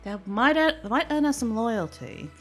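A woman playing a tabletop game, asking quick, flustered questions. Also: a little high, lively intonation, faint music behind. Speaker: player.

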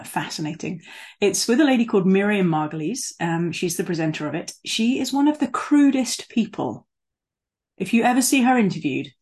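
Woman preacher, chatty sermon, low husky voice, stretches out key words. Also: darkish tone. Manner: conversational, with fillers and asides.

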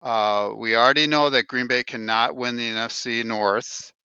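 A man's voice: medium pitch, steady tone, normal speed, pushed and bright, clean tone, no echo, lo-fi sound. A man co-hosting a casual sports podcast, going through stats and quotes with plenty of "uh"s. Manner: reads stats and quotes, with filler "uh"s. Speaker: podcast co-host.

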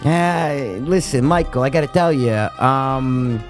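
A man voicing a burly middle-aged New mob boss, talking in a halting, gruff, stammering way. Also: medium pitch, faint music behind, natural voice. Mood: wheedling.

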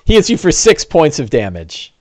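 A man narrating a one-on-one tabletop game as game master, his pitch rising and falling with lively energy. He laughs often, and his voice sits fairly high. The sound is close and dry. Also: moderate pace, no room sound.

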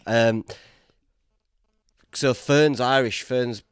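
A man's voice: fairly low pitch, a little fast, no room sound. A man from Britain hosting a podcast, chatting casually and bantering, often saying "mate". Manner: laid-back banter, says "mate" often. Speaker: podcast host. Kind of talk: casual chat.

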